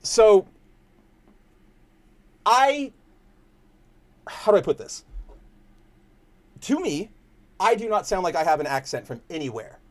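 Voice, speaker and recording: A young Californian man hosts a casual livestream, rambling to his chat in loose, slangy talk. His high voice swings widely in pitch, and he speaks slowly with long pauses.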